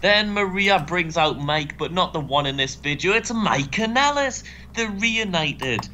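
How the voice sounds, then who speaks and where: A man rattles through a casual gaming commentary with sarcastic, sweary banter. His voice is bright and sits a little high, and it swings animatedly. A faint hiss sits behind it. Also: expressive, normal speed, few pauses. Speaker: co-host.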